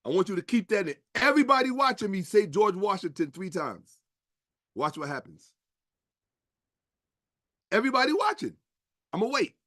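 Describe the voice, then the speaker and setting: High-voiced man lecturing emphatically. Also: very animated, normal speed, long pauses, pushed and bright, dry recording, clean studio sound. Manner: emphatic, rhetorical, profane, asks the listener questions. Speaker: streamer and history commentator. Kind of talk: casual lecturing talk on a stream.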